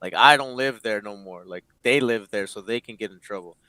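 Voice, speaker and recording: A man's voice: lowish voice, fairly quick, pushed and bright, no echo. A man in his late twenties, a guest in an interview, telling a painful personal story in a candid, emotional way, swearing freely and acting out the quoted dialogue. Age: late 20s.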